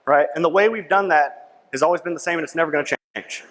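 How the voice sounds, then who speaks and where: Man, young adult, conference speaker, persuasive, slightly high voice, long hall reverb. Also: fast, a bit bright. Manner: persuasive, keeps asking "right?"; punchy, repeats key lines. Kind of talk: sales conference presentation.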